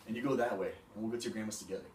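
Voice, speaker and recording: A man's voice: fairly low pitch, rapid-fire, close to an everyday voice. A man voicing a hungry wolf who fakes kindness, sly and coaxing. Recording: echoey room, mic far off, faint hiss.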